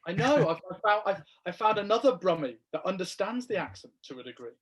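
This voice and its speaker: A man's voice: high-pitched, sing-song, quick pace. A man with a Black Country accent co-hosting a casual podcast, bantering and poking fun at himself. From England. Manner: self-mocking, laughing banter. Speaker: podcast co-host.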